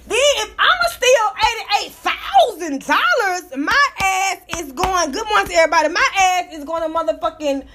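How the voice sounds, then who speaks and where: Woman, high voice, sassy, profane, animated commentary, laughs a lot. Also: moderate pace, few pauses, heavy background noise. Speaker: commentator reacting to a news story. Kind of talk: casual commentary reading and reacting to an article.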